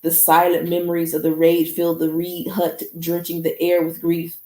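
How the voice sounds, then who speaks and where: Low-voiced woman reading a novel aloud. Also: completely flat delivery, moderate pace, mellow. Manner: casual, chatty, says "y'all". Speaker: podcast host. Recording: echoey room.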